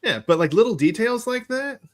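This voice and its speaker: A man's voice: very high-pitched, very animated, brisk. A man in casual movie talk with a friend, blunt and sweary. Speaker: podcast co-host.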